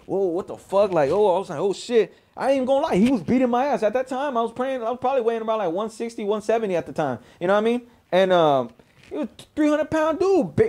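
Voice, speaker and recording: A man's voice: very high voice, darkish tone. A man telling his own story in a casual, profane way, often adding "you know what I mean.". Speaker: storyteller recounting his past.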